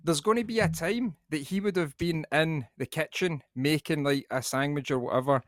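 A man's voice: on the high side, normal speed, dry recording, studio quality. A man, co-hosting a casual podcast in a rambling, sweary, laughing way. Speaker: podcast co-host.

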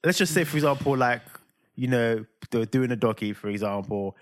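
At a normal speed and in a mid-range voice, a man trades stories on a relaxed podcast he co-hosts. He's an animated storyteller who acts out voices and sounds and often breaks into laughter.

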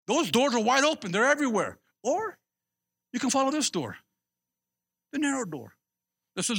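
Animated preaching man, high bright voice. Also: brisk, breathy edge. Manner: animated, repeats himself, calls out to the congregation. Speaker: pastor. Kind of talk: sermon with personal story.

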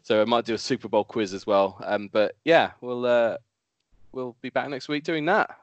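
A man's voice: medium pitch, normal speed, no echo, dull audio. A man hosting a podcast and chatting casually in a rambling way. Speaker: podcast host.

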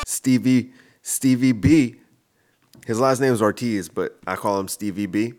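A man with a slightly low voice rambles through a solo comedy monologue. He jokes loosely and pokes fun at himself, talking into a microphone alone in his kitchen. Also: a little slow. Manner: rambling, self-mocking, jokey. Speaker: comedian and podcast host. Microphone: studio-style microphone.

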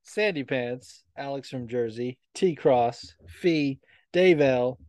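A man's voice: mid-range voice, slow pace, a little mellow, no room sound, studio quality. A man co-hosting a casual podcast, joking, laughing often and swearing freely. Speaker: podcast co-host; stage manager. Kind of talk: casual chat.

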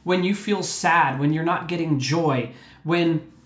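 A man's voice: a little high, measured pace. A man hosting a mental health podcast, talking earnestly and emphatically, often checking in with "okay?". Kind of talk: earnest motivational talk. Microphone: podcast mic. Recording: roomy echo.

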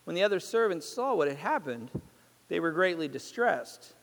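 A man's voice: on the high side, big pitch swings, moderate pace, in a large hall. A man preaching a sermon as a pastor, retelling a parable as a story and putting questions to the congregation.

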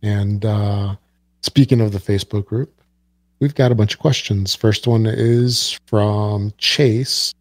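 A man's voice: on the low side, steady tone, slow, no room sound. A man co-hosting a casual podcast, giving listener info and joking with dry sarcasm. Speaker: podcast co-host. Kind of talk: casual chat.

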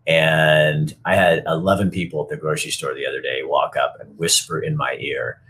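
Host type, man in his 60s, very low voice, blunt and fired up, curses freely. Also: little pitch movement, moderate pace, fairly bright tone. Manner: blunt and heated, swears. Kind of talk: casual opinionated chat.

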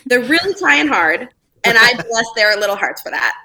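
A woman's voice: a little high, sing-song, moderate pace, bright, forceful tone, low-quality recording. A woman guest on a podcast, chatting playfully and handing out mock awards. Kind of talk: casual chat.

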